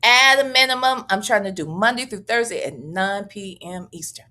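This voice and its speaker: A woman's voice: medium pitch, normal speed, bright, forceful tone. A woman hosting a casual livestream, chatty and profane, reading out viewer messages and thanking them. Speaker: livestream host.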